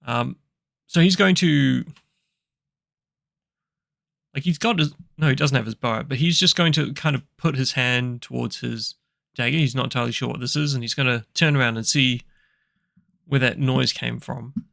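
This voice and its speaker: Brief: gravelly-voiced man running a solo tabletop game, rambling and self-correcting, dry close sound. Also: mid-range voice, moderate pace, long pauses, sharp tone, dry recording.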